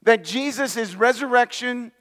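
A man's voice: very high voice, normal speed, pushed and bright, long reverb tail. A man preaching a sermon as pastor, emphatic, sometimes dropping to near-whispers for stress, and calling his listeners friends. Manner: addresses listeners directly as friends.

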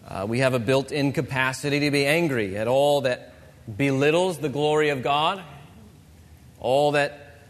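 A man preaching a sermon as pastor, earnest and measured, with pauses. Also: medium pitch. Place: church sanctuary. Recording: long church reverb.

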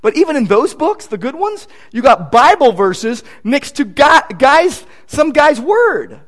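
Male pastor, sermon delivery, high voice with wide lively swings, emphatic, repeats words when building. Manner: animated, emphatic preaching with quick asides and repeated words.

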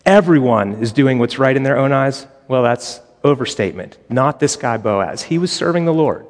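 A man's voice: medium pitch, animated, moderate pace, big-room sound. A male pastor preaching a conversational sermon, acting out quoted lines and adding humorous asides.

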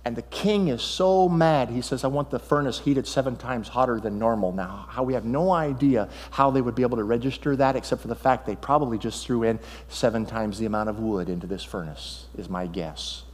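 Animated male pastor preaching in a reverberant hall. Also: mid-range voice, a little fast, few pauses. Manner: animated storytelling, swings between loud and hushed. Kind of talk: sermon.

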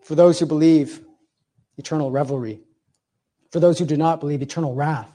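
Emphatic high-voiced male preacher. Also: fairly even intonation, warm tone. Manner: emphatic, repetitive cadences with slow, stressed phrases; teacherly explanations with examples. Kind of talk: sermon.

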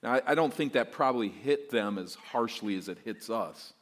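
A pastor preaching an expository sermon, emphatic and voicing imagined objections. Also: male voice, mid-range voice, lively intonation, moderate pace. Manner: emphatic, voices mock objections.

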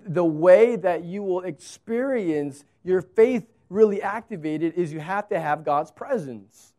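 A man in his thirties preaching a sermon as pastor, telling stories and acting out conversations with animated delivery. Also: high-pitched. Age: 30s. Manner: animated storytelling, acts out dialogue.

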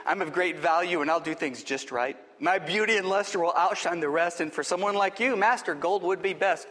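Preening gold vessel in a poem, read by a male preacher; high voice, reverberant hall. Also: fairly quick, fairly bright tone. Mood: boastful. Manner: proud, self-praising. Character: boastful shiny gold vessel.

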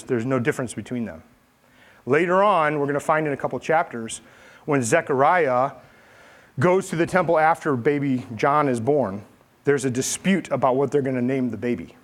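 A man preaching a sermon, telling stories with lively delivery and acting out the quotes. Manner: animated storytelling, acts out quotes with big pitch jumps. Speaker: pastor.

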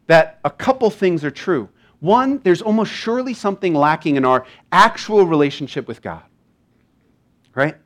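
A man preaching a sermon in a conversational way, acting out small dialogues and reading scripture with feeling. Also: sits high. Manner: conversational, animated, acts out little dialogues. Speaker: pastor.

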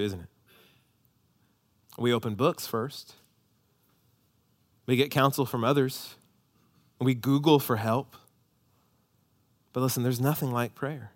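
A man preaching a sermon as pastor, impassioned and emphatic, rising to loud peaks. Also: medium pitch.

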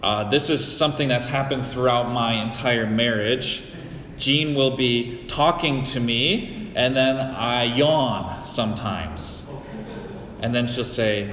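A middle-aged man from the Great Lakes region of the US, preaching a sermon as a pastor in a slow, deliberate storytelling manner with personal anecdotes, recorded in a church sanctuary. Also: mid-range voice, a bit bright, slight background noise. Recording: echoey hall with long reverb.

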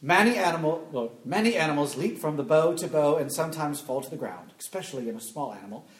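A man reading a passage aloud in a put-on, deliberately awful English accent. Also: a little high, lively intonation, lightly acted. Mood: mock formal. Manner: deliberately clumsy, overdone reading. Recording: echoey room.

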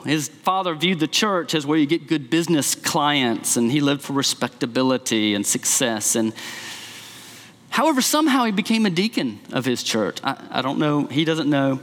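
A male pastor preaching a sermon and telling a story with animated acted quotes. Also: on the high side. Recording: long hall reverb.

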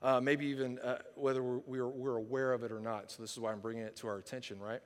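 A man preaching a teaching sermon in a conversational way, asking his listeners rhetorical questions and switching between loud emphatic stretches and quiet earnest ones. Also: medium pitch, flat delivery, quick pace, long reverb tail. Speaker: pastor.

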